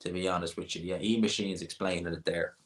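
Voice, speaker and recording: Speaking fast in a low-pitched voice with fairly even intonation, an Irish man hosts a relaxed livestream. He takes on viewer comments with opinionated, rambling talk full of restarts.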